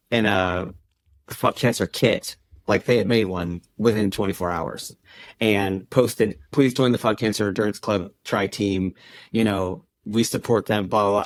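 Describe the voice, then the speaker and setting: A man as a podcast guest, telling a personal story in a conversational way and acting out what people said to him. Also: lowish voice. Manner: conversational, acts out quoted dialogue. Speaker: podcast guest, endurance club founder.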